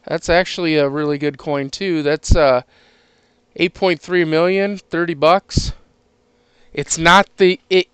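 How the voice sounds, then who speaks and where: A man with a slightly high, smooth voice talks through a coin hunt in an easygoing way. He chats casually and chuckles between remarks. The sound is close and dry. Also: fairly bright tone, no echo. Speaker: coin collector streaming a penny hunt. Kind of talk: casual chat while sorting coins.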